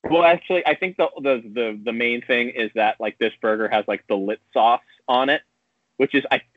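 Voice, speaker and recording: A man's voice: mid-range voice, moderate pace, no room sound. Man telling a rambling story over a tinny line. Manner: rambling storyteller, acts out quotes. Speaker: podcast co-host. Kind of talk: casual chat. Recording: tinny phone-like line, dry.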